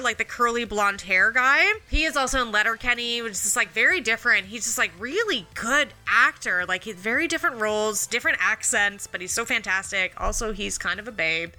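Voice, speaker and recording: A woman's voice: fairly high pitch, pushed and bright. A woman in her thirties co-hosting a casual chat about a TV show, enthusiastic and profane, with many filler likes. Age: 30s. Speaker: podcast co-host.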